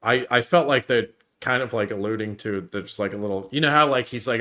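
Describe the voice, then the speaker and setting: A man's voice: mid-range voice, brisk, pushed and bright. Rambling man recapping a movie plot. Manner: rambling recap with many fillers. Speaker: podcast co-host recapping the film. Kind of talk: casual chat.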